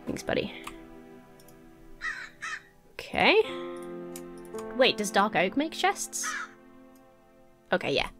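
Her medium-pitched voice swoops wildly, slow and full of pauses, with a fairly bright tone and soft music behind it. A cold has left this English woman nasal and stuffy as she plays Minecraft, chatting to herself casually while sorting items in the building and farming game.

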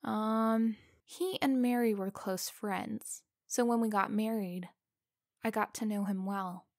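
A big, blunt hunter man behind the wheel, played by a woman storyteller, talking in a casual, gruff way. The delivery is slow and deliberate, recorded dry and close. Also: mid-range voice, steady tone, a little mellow, dry recording. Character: big, brash male hunter driving a truck.

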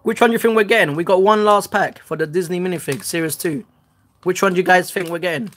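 A woman hosting a casual home unboxing vlog, chatty and excitable, who swears loudly when let down. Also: fairly low pitch, fast, slight background noise. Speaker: host.

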